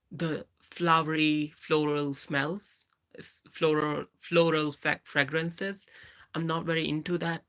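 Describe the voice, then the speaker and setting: A trans woman in her thirties hosting a live Q&A, reading viewer comments aloud and greeting people by name in a halting, self-correcting way. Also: sits low, fairly bright tone. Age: 30s. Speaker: livestream host.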